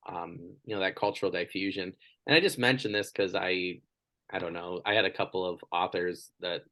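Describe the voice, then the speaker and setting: A man with a lowish voice hosts a podcast interview in a casual, chatty way. He tells stories with bursts of animated energy and laughter in his tone. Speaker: podcast host.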